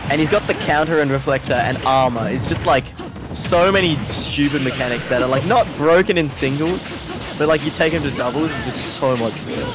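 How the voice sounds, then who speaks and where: A man's voice: a little high, a little fast. A man commentating a video game match casually, joking and laughing easily. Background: game music.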